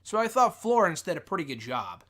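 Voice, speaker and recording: Man, casual spoken review, lively rising and falling pitch, bright forceful tone, swears a lot, getting over a cold. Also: fairly quick. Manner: rambling, profane, lots of fillers and restarts. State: recovering from a cold. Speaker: wrestling show host reviewing a film.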